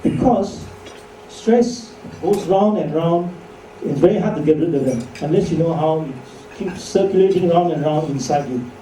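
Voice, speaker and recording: A man's voice: on the high side, moderate pace, dark tone. A man giving a chatty medical lecture to doctors, joking and asking rhetorical questions. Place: lecture hall. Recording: echoey hall from far off, faint noise.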